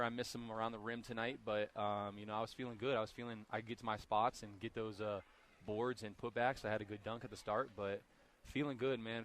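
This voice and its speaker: A young man, a college basketball player, giving a postgame interview while still out of breath, talking in a relaxed, rambling way with lots of fillers. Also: on the low side. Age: young adult.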